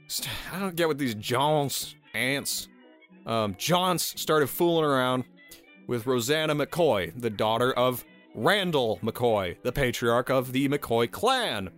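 A man with a mid-range, slightly bright voice hosts a casual podcast, recounting a history story. He's sarcastic, laughs, swears often, and keeps tripping over his words.

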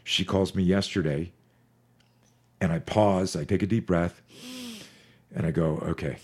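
A man in his forties, a fear management expert on a podcast, talking in an energetic, profane, storytelling way. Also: low voice, measured pace. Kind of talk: podcast conversation.

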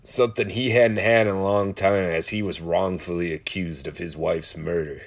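A man's voice: low-pitched, fairly even intonation, normal speed. A man talking in a casual, profane, rambling monologue, telling stories and musing loosely. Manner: profane, storytelling, loose and conversational.

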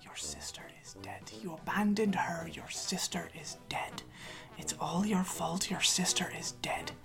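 A woman voicing tormenting whispered voices inside a man's head, repeating accusations in a harsh, breathy whisper, as whispered role-play. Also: on the low side, a little slow, music in the background. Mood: relentless. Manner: relentless, accusing repetition.

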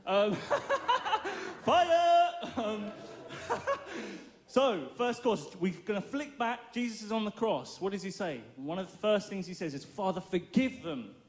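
A man preaching an informal, lively sermon in a playful, joking way, laughing often. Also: high voice, a little slow.

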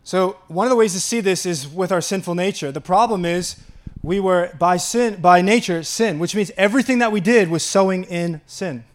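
A man with a high voice preaches a sermon with earnest wonder. He leans into key words, slows right down to let them land, and laughs out of sheer delight. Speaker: pastor.

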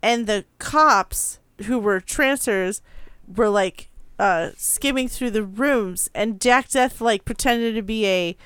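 A woman's voice: on the high side, slow, a bit bright, smooth, no echo. A woman co-hosting a casual movie review podcast, swearing and laughing as she retells scenes. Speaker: podcast co-host.

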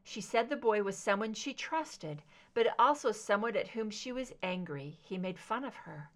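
A woman voicing a calm, firm female FBI agent in an audiobook, speaking steadily and low. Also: moderate pace, close to an everyday voice. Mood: steady.

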